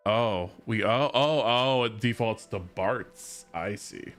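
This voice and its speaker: A man with a lower, slightly bright voice and lively intonation streams a game, talking unhurriedly with few pauses as faint music plays behind. It's relaxed let's-play chatter: he jokes with viewers and reads in-game text out loud.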